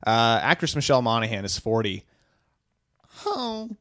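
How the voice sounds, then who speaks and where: A goofy man podcast host who reads out his segments with hesitant fillers. His lively voice bounces up and down. He cracks himself up along the way. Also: mid-range voice, normal speed, dry recording, clean studio sound. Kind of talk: casual podcast, reading segments.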